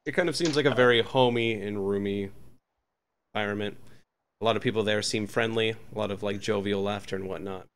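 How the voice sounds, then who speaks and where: A man as game master, narrating a tabletop game in a halting, hesitant way. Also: fairly low pitch, fairly even intonation, clear, resonant tone.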